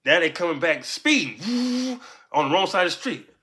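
Bright-voiced man telling a street story. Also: very animated, normal speed. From Los Angeles. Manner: street slang, repeats "right?" and "so boom". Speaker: storyteller recounting his past. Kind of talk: casual spoken storytelling.

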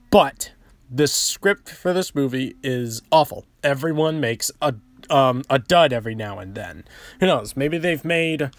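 A young man giving a casual movie review, talking fast with stutters and restarts, ranting and sarcastic. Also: mid-range voice, no room sound.

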